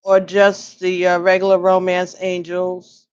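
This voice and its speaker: A woman reads tarot cards live for her viewers and chats with them by name, sounding tired and taking her time. She talks slowly and laughs often. The stream audio is dull and lo-fi. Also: lowish voice, completely flat delivery, darkish tone, smooth. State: tired, yawning. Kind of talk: casual live-stream chat and card reading.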